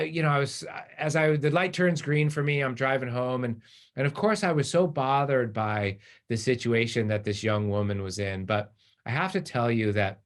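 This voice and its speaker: Animated male keynote storyteller. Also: mid-range voice. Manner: animated storyteller, acts out voices in quotes. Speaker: keynote speaker.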